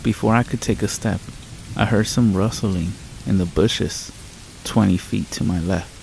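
A man calmly narrating a scripted horror story in a measured storytelling manner, with rain sounds behind him. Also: deep voice, gravelly, a little hiss or hum, rough recording.

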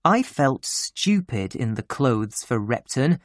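A narrator reading a children's memoir story slowly and clearly for English learners. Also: mid-range voice, big pitch swings, no echo, studio quality. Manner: slow, clear and deliberate. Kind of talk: slow graded-reader storytelling for English learners.

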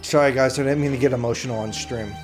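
A man's voice: medium pitch, fairly even intonation, fast, music in the background. A man live-streaming a video game, chatting casually with his viewers and putting on playful, melodramatic whining.

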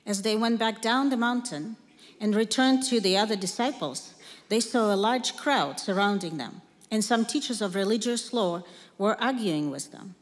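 A woman reading a scripture passage aloud in a church service, steady and narrative. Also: mid-range voice, moderate pace. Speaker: scripture reader. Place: church sanctuary. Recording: long church reverb.

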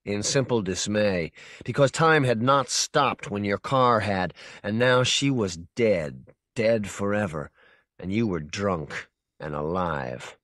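A man narrating a short story for an audiobook in a measured, intense second-person voice. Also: lowish voice, fairly bright tone, dry recording, clean studio sound. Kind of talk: scripted narration.

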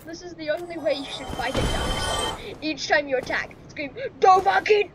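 High-voiced swearing woman gamer. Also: fairly quick, music in the background. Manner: profane, ranting, bursts into shouting. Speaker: gaming YouTuber. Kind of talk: let's play commentary. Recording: noisy recording.

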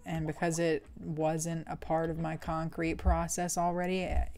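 Low, slow-talking woman gamer, exasperated. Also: completely flat delivery, darkish tone. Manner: exasperated, blunt, swears freely. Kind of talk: let's play commentary.

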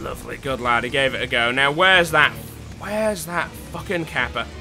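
A man's voice: medium pitch, moderate pace, bright, forceful tone, faint music behind. A young British man from England commentating a video game playthrough, rambling with sardonic, sweary asides. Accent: British English. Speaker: gaming YouTuber. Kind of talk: let's play commentary.

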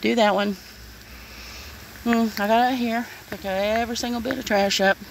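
A woman's voice: on the high side, steady tone, moderate pace, vocal fry, a little hiss or hum, rough recording. A middle-aged woman, ranting bluntly and swearing in a casual outdoor vlog in the rain. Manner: upset, blunt, swears, says "honey" and "y'all". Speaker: vlogger. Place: outdoors in the rain by her yard.

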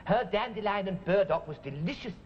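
Basil Brush, a giggly fox. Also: male voice, expressive, a little fast, a little hiss or hum. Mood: cheeky. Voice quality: high, giggly, punning. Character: cheeky male fox puppet, jokey and excitable. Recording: dull 1970s TV sound with studio audience.

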